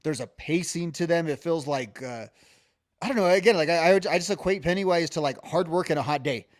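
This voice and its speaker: A man co-hosts a casual music podcast, rambling loosely with lots of restarts and fillers and humming melodies along the way. His voice is fairly high and brisk, recorded at studio quality with no room sound.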